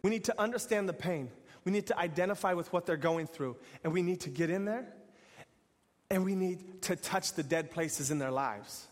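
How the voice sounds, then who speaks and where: A man's voice: sits high, moderate pace, big-room sound. A man preaching an earnest sermon in repeated, building phrases. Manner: earnest, repetitive, building to exhortation.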